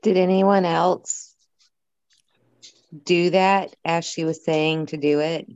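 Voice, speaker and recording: A woman's voice: lowish voice, steady tone, takes it slowly, darkish tone, no echo. A woman co-hosting a podcast, eagerly chiming in during casual chat, heard on a dull lo-fi recording. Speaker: podcast co-host. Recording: dull lo-fi sound.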